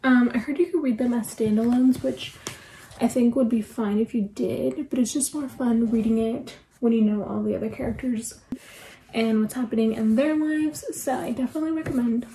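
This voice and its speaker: A chatty woman gives a casual book review, her voice mellow and warm. She gushes freely and scatters "like" through her talk, pitched a little high. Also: steady tone, moderate pace, slight background noise, poor audio. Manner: chatty, gushing, full of "like" fillers. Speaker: book vlogger.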